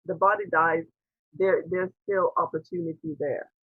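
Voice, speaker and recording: A woman's voice: on the low side, fairly even intonation, normal speed, husky, no echo. A woman priestess hosting an interview, telling her spiritual story in an earnest, digressive way and quoting her own past thoughts aloud. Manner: earnest, digressive, with quoted inner dialogue. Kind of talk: reflective personal storytelling. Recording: tinny phone-like line.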